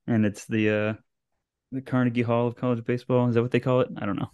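A man's voice: medium pitch, flat delivery, fast, darkish tone, smooth, no room sound, highs cut off. A man co-hosting a casual podcast, easygoing and hesitant, often circling back mid-sentence. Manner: easygoing, hesitant, full of fillers and restarts. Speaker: podcast co-host.

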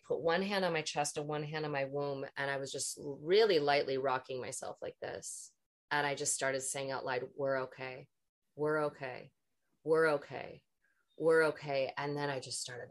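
A woman's voice: very deep voice, steady tone, normal speed, a bit bright. A woman, an energy healer and podcast guest, telling a long personal story in a frank, rambling way and swearing freely.

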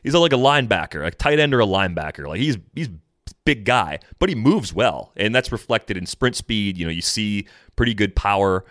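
This is a man hosting a podcast in casual chat. His voice sits low, and the sound is close and dry. He keeps things upbeat and moves the talk along. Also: expressive, fairly quick, fairly bright tone, dry recording. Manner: upbeat, conversational, steers the talk. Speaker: podcast host.

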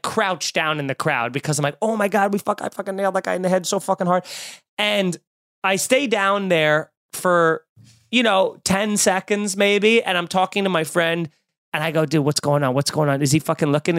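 A man, a stand-up comedian hosting a podcast, telling a story in a casual, animated and self-mocking way, with lots of swearing. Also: sits high, no room sound, studio quality.

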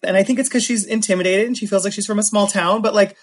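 A man hosting a casual chat, animated and sarcastic, with quick asides. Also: high-pitched. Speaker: podcast host.

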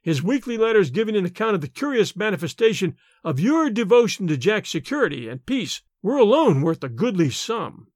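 Man doing a merry old grandpa, shrewd and chuckling, pretty high voice, lots of swing. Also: sing-song, a little fast, few pauses, no echo, clean studio sound. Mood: amused. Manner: chuckling, hearty.

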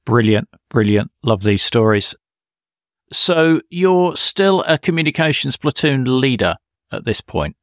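A man's voice: medium pitch, very animated, unhurried, a bit bright, dry recording, clean studio sound. A man hosting an interview, reacting and asking follow-up questions with enthusiasm. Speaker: interviewer, host. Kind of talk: casual interview chat.

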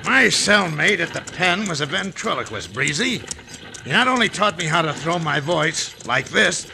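An actor in an old radio playing a ruthless escaped convict with a drawl, gruff and threatening. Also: male voice, on the high side, very animated, normal speed, pushed and bright, a little hiss or hum, heavily acted. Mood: menacing. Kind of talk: 1950s radio drama acting.

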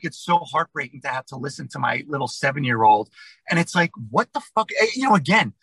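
A man with a husky, bright-edged voice rants through a casual podcast chat, full of opinions. The sound is dry and close, with no room around it. He stumbles into restarts and then pushes hard on his points. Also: medium pitch, no room sound, low-quality recording. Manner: opinionated and ranting, with many fillers and restarts.

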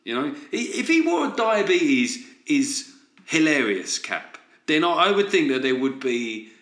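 A man's voice: a little high, very animated, unhurried, fairly bright tone. A man hosting a solo comedy podcast, ranting sardonically and tossing in frequent "right?" asides. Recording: roomy echo.

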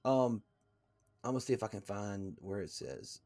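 A man hosting a podcast, reading a text aloud in a halting way, with fillers and stumbles. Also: lowish voice, animated, warm tone, no echo, soft background music. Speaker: podcast host.

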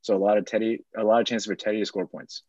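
A man's voice: lowish voice, little pitch movement, fast talker, dark tone, no echo, lo-fi sound. A man on a casual sports podcast, running through fantasy football stats and waiver picks. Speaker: fantasy football segment host.

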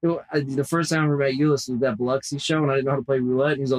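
A man's voice: mid-range voice, steady tone, rapid-fire, rough recording. A man hosting a casual podcast, swearing freely and acting out quotes as he tells stories. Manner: profane, laid-back storyteller acting out quotes. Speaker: podcast host and tattoo artist. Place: workshop.

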